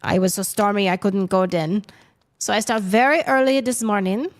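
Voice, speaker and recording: Friendly young Frenchman with a thick accent, as a woman reads him out over soft background music. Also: medium pitch, moderate pace, lightly acted. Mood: amiable. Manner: amiable, easygoing, broken grammar.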